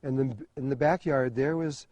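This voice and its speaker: Older man telling a story, mellow and dry. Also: mid-range voice, fairly even intonation, normal speed, dry recording, lo-fi sound. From USA. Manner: hesitant, many fillers and restarts, chuckling. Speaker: spiritual teacher. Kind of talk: storytelling talk.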